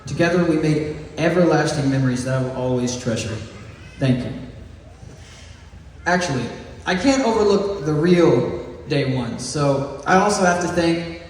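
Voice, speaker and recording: A man of about eighteen giving a heartfelt, joking graduation speech as valedictorian. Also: a little high. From East Texas. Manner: heartfelt, joking, slow deliberate phrasing with chuckles. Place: large echoey hall or gym. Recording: echoey hall from far off, faint noise.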